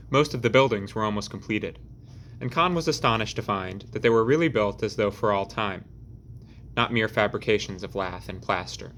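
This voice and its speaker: A man narrating an audiobook chapter in a measured, deliberate reading. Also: lowish voice, fairly bright tone, slight background noise. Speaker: audiobook reader.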